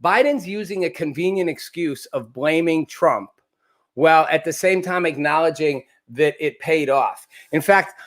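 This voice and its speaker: A man's voice: a little high, moderate pace, a bit bright. A man hosting a live political commentary show, talking casually and animatedly, often restarting with repeated words. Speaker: host.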